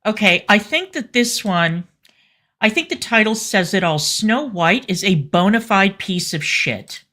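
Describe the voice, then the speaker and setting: A woman's voice: mid-range voice, expressive, unhurried, pushed and bright. A woman co-hosting a commentary show, talking candidly and effusively in a casual chat, with fillers and restarts. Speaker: show co-host.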